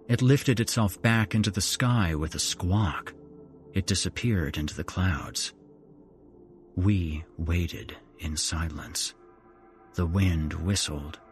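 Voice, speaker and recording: A man reading a first-person horror story in dramatic scripted narration. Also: deep voice. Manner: dramatic, expressive. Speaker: horror podcast host.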